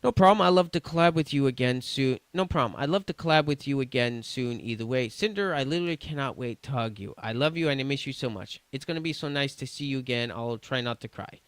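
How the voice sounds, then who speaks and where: Man, streamer, reading messages aloud, stumbles and restarts, smooth voice, dry close sound. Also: medium pitch, quick pace, few pauses, dry recording.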